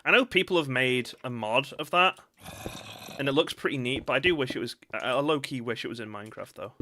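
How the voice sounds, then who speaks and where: A man's voice: medium pitch, fairly quick, sharp tone, slight background noise. A man giving casual, self-mocking commentary while playing a game. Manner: chatty and self-mocking, laughs often. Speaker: gaming streamer.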